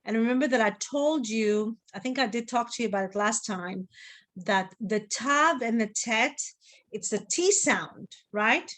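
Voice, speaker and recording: A woman's voice: fairly high pitch, unhurried, a bit bright. Patient woman teaching a class online, checking on her students. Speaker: Hebrew teacher.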